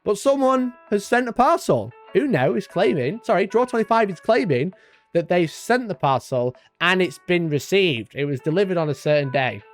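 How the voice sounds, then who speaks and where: Male commentator, high and bouncy delivery, crude and animated, faint music underneath. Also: normal speed. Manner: animated and sweary, reading posts aloud with mocking asides. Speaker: YouTube commentator. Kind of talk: online drama commentary.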